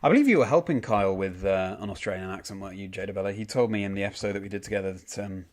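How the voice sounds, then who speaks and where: A man's voice: on the low side, very fast, darkish tone. A young man streaming a game, casually reading out and answering chat messages with frequent ums. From United Kingdom.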